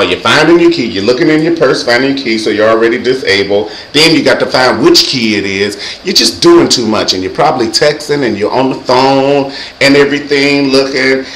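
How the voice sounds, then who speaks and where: A man hosting his own show, giving comedic safety advice in a sassy, animated way and acting out loud yells. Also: medium pitch, roomy sound, slight background noise, low-quality recording. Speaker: vlog host.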